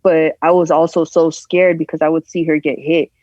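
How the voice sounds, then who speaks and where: A woman guest on a podcast, candidly telling a personal story in a halting, emotional way, acting out the voices she quotes. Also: sits low, level tone, darkish tone, no echo. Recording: dull lo-fi sound.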